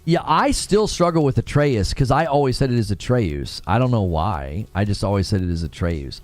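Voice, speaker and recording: A man chatting casually on a gaming live stream, rambling and correcting himself as he talks. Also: fairly low pitch. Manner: rambling, self-correcting, laughs often.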